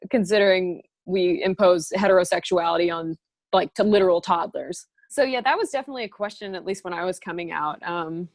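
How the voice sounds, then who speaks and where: A young woman guest in casual chat, playful and quick to agree and laugh along. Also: lowish voice, no room sound.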